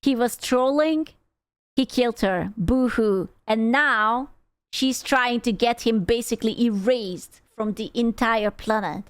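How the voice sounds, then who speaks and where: A woman's voice: on the high side, unhurried, clean tone, no room sound. A woman streamer giving casual reaction commentary, sarcastic and mocking, swearing freely. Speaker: VTuber streamer reacting to a video.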